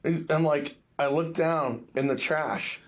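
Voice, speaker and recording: Brief: male podcast host and fishing guide, fairly high voice, animated, swears freely. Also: slow. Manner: animated storyteller, salty language. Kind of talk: casual chat.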